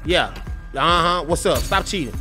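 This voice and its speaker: A man's voice: a little high, lively intonation, moderate pace, soft background music. A young man streaming a fighting game, cursing, trash-talking enemies and venting frustration to chat, with speech. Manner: profane, trash-talking and frustrated, with loud outbursts. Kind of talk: gameplay livestream commentary.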